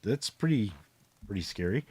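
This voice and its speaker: A man's voice: lowish voice, lively intonation, normal speed, mellow, husky, dry recording. A man narrating as game master and voicing side characters in a tabletop role-playing game.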